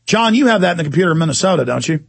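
A man's voice: fairly high pitch, animated, very fast, gravelly, breathy edge, no echo. A man hosting a political talk show, ranting heatedly with sarcastic asides. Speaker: talk radio host.

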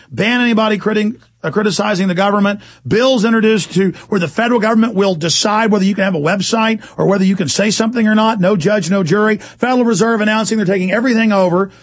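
A man's voice: high voice, no echo. A man hosting a political talk show, ranting heatedly with sarcastic asides. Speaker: talk radio host.

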